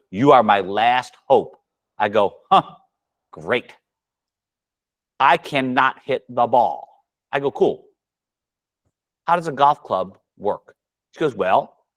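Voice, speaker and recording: A man coaching golf at a seminar for fellow coaches, talking casually and acting out dialogue with his students. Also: fairly low pitch. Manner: animated storyteller acting out dialogue.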